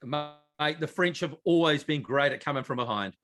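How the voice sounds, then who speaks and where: A man co-hosting a sports podcast in casual, jokey chat, animated and rambling with fillers. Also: a little high, normal speed. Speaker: podcast co-host.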